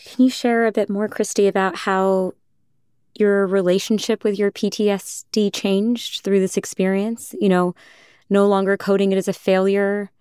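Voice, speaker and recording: A woman podcast host interviewing gently, affirming her guest and reflecting her feelings back to her. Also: medium pitch, little pitch movement, normal speed, clean tone, dry recording, clean studio sound. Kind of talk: empathetic interview.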